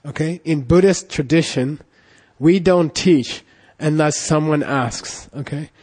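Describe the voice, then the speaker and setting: Unhurried and a little mellow, this middle-aged man's high-leaning voice has a slightly rough edge. He wanders through anecdotes in a relaxed Buddhist teaching, peppering it with "you know" and "okay?" check-ins.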